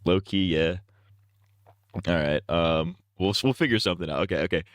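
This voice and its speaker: A man streaming, talking to himself as he works out parody song lyrics, trying lines out loud with bursts of sung falsetto. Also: moderate pace, no echo, studio quality. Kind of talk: casual livestream chat.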